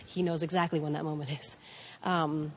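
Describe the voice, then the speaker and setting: A woman's voice: low-pitched, flat delivery, normal speed, background noise. A woman in her thirties talking casually about faith and parenting, rambling and self-deprecating, laughing often. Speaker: mother and speaker on parenting.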